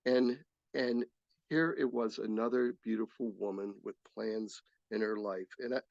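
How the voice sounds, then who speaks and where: Gravelly older man telling his story. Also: fairly low pitch, steady tone, a little mellow, no echo. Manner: earnest, halting storytelling with restarts. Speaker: speaker sharing his recovery story. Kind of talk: personal testimony talk. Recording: slightly dull, dry recording.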